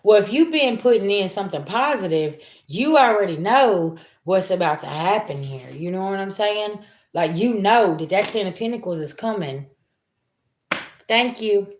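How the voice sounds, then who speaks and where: A tarot reader with a mid-range voice and a roomy sound does a casual reading, addressing her viewers directly in loose, colloquial speech. She acts out the people she quotes in lively voices.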